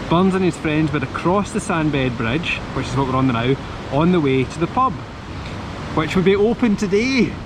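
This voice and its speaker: A man with a Scottish accent giving a casual walking tour outdoors in a town centre, chatty and jokey, reading facts aloud in a quiet voice. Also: fairly high pitch. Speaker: streamer on a guided town walk. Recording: outdoor street noise, traffic.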